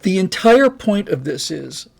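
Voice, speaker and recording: Male livestream host, slightly high voice with heavy fry, rambling and chatty. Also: very animated, unhurried, darkish tone. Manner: rambling, chatty, with many restarts and fillers. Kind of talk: casual livestream Q&A.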